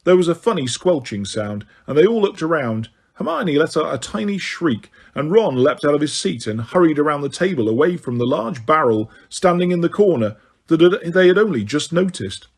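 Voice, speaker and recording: A man narrates a novel as an audiobook reader. His delivery is steady and even, in plain storytelling style. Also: on the high side, normal speed, hardly any pauses, slightly rough.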